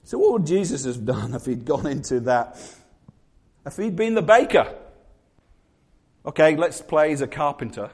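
A man preaching a sermon, retelling scenes in lively acted-out voices. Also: on the high side, moderate pace, pauses often, breathy edge. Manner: animated storytelling, acts out quoted voices.

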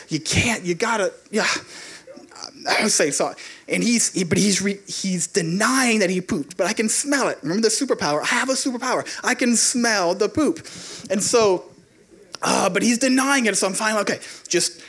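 A man with a high voice preaches in a relaxed, chatty way, moving from scripture into a personal story. He talks with animated, conversational energy, full of asides. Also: fairly quick, breathy edge.

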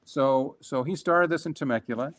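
A mid-range male voice belongs to a guest, formerly a franchise executive, who is telling a business story in conversation. He comes across as emphatic and animated, with frequent quick restarts.

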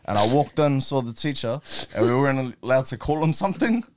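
A man's voice: medium pitch, animated, a little fast, darkish tone, dry recording, studio quality. A young man chatting casually on a podcast, laid-back and swearing freely as he tells school stories. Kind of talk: casual chat.

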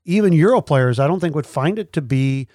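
Hesitant male co-host, rambling, fairly high voice, dry close sound. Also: animated, fairly quick, dark tone, no echo. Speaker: podcast co-host. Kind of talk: casual chat.

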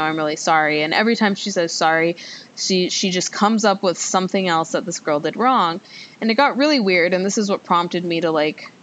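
A young woman hosting a podcast tells a story in a casual, rambling monologue, chatty and full of fillers and self-mocking asides. Faint background noise and a low rumble can be heard.

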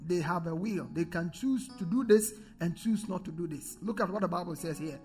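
A man's voice: sits high, a little fast, darkish tone, faint music behind. A male pastor preaching a sermon, emphatic, repeating key phrases and calling on the congregation to respond.

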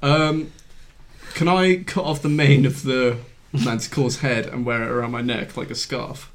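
A man at a tabletop game, pausing with ums as he works out what to do. His voice sits at an average pitch. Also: fairly even intonation, a little hiss or hum. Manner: hesitant, with ums. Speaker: player. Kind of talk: casual tabletop banter.

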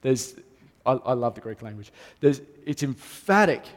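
A man's voice: medium pitch, animated, moderate pace. A man, a pastor, preaching a sermon earnestly and repeating key phrases for emphasis. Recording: long reverb of a hall.

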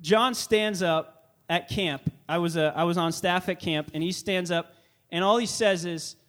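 A young man leading worship in church, welcoming the congregation and telling an earnest, excited story with frequent restarts. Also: high-pitched, unhurried. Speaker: worship leader. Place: church sanctuary.

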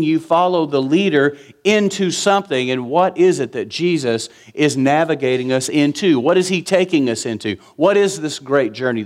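A man, preaching a sermon in an earnest, conversational way with emphatic repetition. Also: on the high side. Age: 50s. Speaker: pastor.

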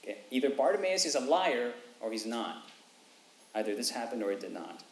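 A man's voice: medium pitch, brisk. A man preaching a sermon in an earnest way, checking in with his listeners by asking "okay?" and "right?", and rising sharply in voice when he quotes a cry for mercy. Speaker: pastor. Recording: echoey room with faint background noise.

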